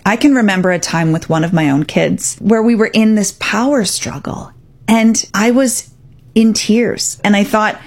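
A middle-aged woman working as a parenting coach gives earnest, reassuring advice directly to the listener, acting out what parents and kids say. Her mid-range voice is a little mellow and moves at a normal speed.

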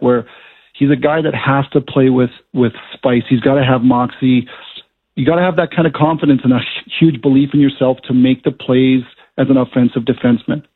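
Gravelly, husky man on a phone line. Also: medium pitch. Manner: chatty, storytelling, laughs often. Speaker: hockey color analyst, former player. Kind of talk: phone-in radio interview.

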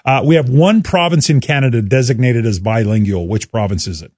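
A man's voice: mid-range voice, brisk, husky, no echo, clean studio sound. A man hosting a casual chat and quiz with a guest, teasing and laughing easily. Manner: lively, chuckling, teasing. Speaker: radio host interviewing a guest.

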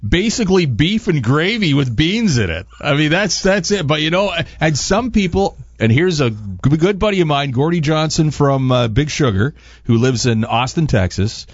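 A man's voice: on the high side, animated, moderate pace, no echo, highs cut off. A man chatting casually through a cooking segment as a radio host and chef, rambling with plenty of fillers. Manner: rambling, easygoing, lots of fillers.

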